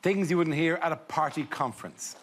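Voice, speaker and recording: A British man hosting a comedy panel show, briskly announcing topics and thanking comedians. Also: a little high. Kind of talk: host links. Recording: TV studio with loud audience and noise. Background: audience laughter.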